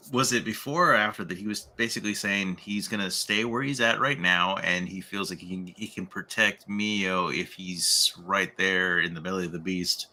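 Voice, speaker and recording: A man's voice: sits low, sharp tone. A man co-hosting a casual book club chat, easygoing and agreeable as he recaps events. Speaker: co-host.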